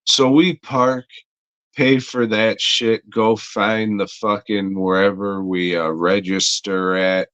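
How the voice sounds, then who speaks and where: A man's voice: lowish voice, little pitch movement, slow pace, fairly bright tone, smooth, no room sound, dull audio. A man co-hosting a podcast, telling a story in a rambling, heavily profane way with lots of fillers. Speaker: podcast co-host. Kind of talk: casual storytelling chat.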